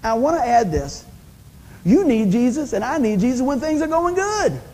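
A man's voice: extremely high pitch, very animated, moderate pace, a little mellow, husky, big-room sound, rough recording. A man preaching a sermon in a folksy storytelling way, acting out everyday conversations with big swings in his voice. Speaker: pastor.

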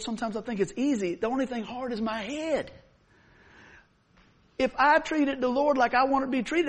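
A middle-aged man preaching a sermon as pastor, telling stories with sudden loud whoops. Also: high voice.

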